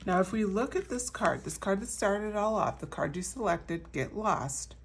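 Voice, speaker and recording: A woman's voice: medium pitch, expressive, normal speed, recorded from a distance, slight background noise. A woman giving a casual pick-a-card tarot reading in a chatty, reassuring way, with many fillers and restarts. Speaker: tarot reader.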